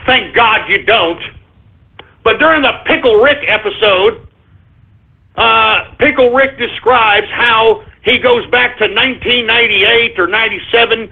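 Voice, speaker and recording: Gravelly ranting talk radio host. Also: male voice, very high-pitched. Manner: angry, shouting, profane ranting. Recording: tinny phone-like lo-fi.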